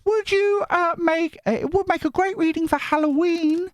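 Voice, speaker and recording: A man puts on a polite lady viewer in a high, sing-song falsetto, reading her own request sweetly. The voice sits far above a man's speaking range, and the sound is dry and close. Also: steady tone, normal speed, dry recording. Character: polite adult woman viewer writing in.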